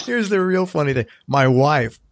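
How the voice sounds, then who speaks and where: A man's voice: on the high side, animated, measured pace, dry recording, studio quality. A man hosting an interview, telling a chatty anecdote and laughing easily. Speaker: interview host. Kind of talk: casual interview chat.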